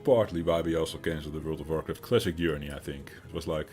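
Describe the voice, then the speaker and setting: A man's voice: very deep voice, quick pace, darkish tone, soft background music. A man in his thirties with a Dutch accent, chatting casually with his stream chat, rambling with fillers as he answers them. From Netherlands.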